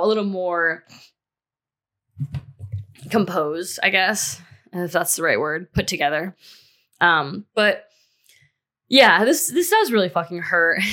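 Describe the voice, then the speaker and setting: A woman in her twenties hosts a podcast, talking candidly about a breakup in a casual monologue packed with fillers and the occasional swear. Her voice is fairly low, with a pushed, bright quality.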